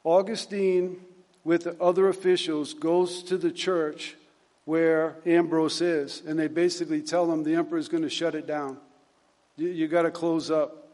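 A man preaching a sermon, retelling a story and reading scripture in a halting way, with many repeated words and fillers. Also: on the high side, flat delivery, a little mellow, big-room sound.

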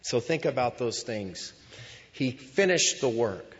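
A man preaching a sermon as pastor in a church, moving between hushed lines and loud cries. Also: mid-range voice, animated, slow. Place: church sanctuary. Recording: dull sound with long hall reverb.

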